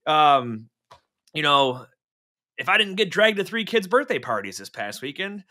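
A man's voice: fairly high pitch, big pitch swings, a little slow, bright, forceful tone. A man co-hosting a podcast in casual chat, chatty and full of joking asides. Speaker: podcast co-host.

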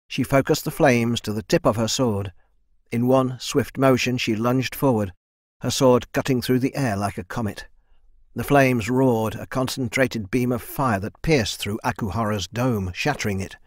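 A man reading a fantasy novel aloud in a steady storytelling voice that lifts for the action beats. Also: mid-range voice, no echo, studio quality. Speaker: audiobook narrator. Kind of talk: scripted fantasy narration.

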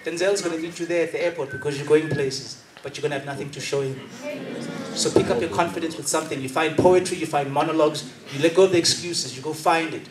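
A man's voice: on the high side, fast talker, a crowd in the background. Emphatic South African man in echoey hall. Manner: emphatic, animated, recites poetry dramatically. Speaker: acting masterclass panelist. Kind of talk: energetic workshop talk. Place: event venue with audience. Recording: echoey venue from far off.

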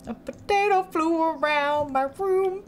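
A woman's voice: very high voice, a little slow. A young woman streaming a game, chatting to her viewers and giggling often as she plays. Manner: chatty, giggly, talks to chat while playing. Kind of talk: casual live-stream gameplay chat. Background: game music.

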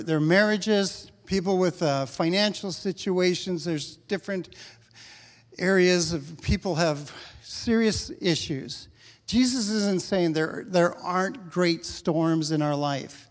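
A middle-aged male pastor preaches a sermon in a church sanctuary, his high-pitched voice filling a large hall. He talks conversationally and acts out prayers with rising intensity.

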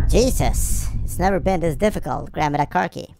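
A woman playing a video game and commenting, excitable and self-mocking, often yelling at the game. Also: on the low side, moderate pace, music in the background. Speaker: gameplay commentator.

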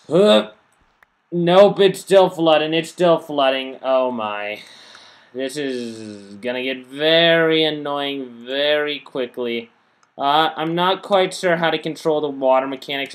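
A weary man talks through his game in a loose, rambling way. He trips over words and keeps correcting himself, sounding worn out and a bit under the weather. His voice sits at an ordinary middle pitch. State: tired and unwell. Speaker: gaming channel host. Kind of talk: casual gameplay commentary.

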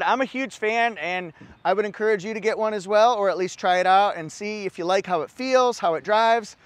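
Upbeat and easygoing, a dealership salesman with a voice pitched notably high for a man shows off a car in a casual walkaround, continually pointing things out and promoting them. There is no room sound.

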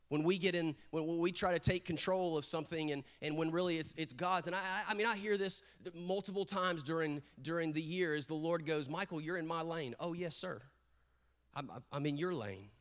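A male pastor with a high, light voice preaches a story-driven sermon. He is middle-aged and animated, and he acts out quotes in quick bursts before he settles back into plain preaching.

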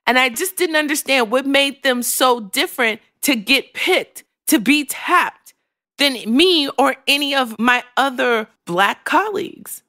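Woman podcast host, slow and heartfelt, blunt with curse words, dry close sound. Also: high-pitched, animated, pushed and bright, no room sound. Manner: emotional, frank, swears freely. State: choking back tears. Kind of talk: candid podcast monologue.

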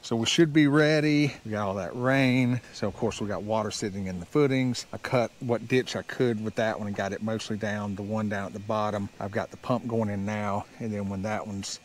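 A man's voice: on the low side, steady tone, moderate pace, hardly any pauses, a little hiss or hum. A middle-aged man casually narrating his construction project, plain-spoken and explaining each step as he goes. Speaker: builder and channel host.

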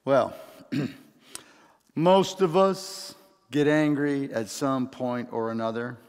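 A man's voice: mid-range voice, very slow, darkish tone, smooth, long reverb tail. A man preaching a sermon as a pastor, telling stories with chatty asides and acting out voices. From California.

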